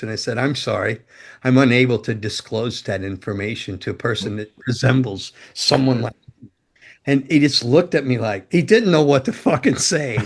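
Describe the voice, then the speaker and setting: A man telling rambling, profane stories in casual chat as a podcast guest. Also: mid-range voice. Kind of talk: casual storytelling.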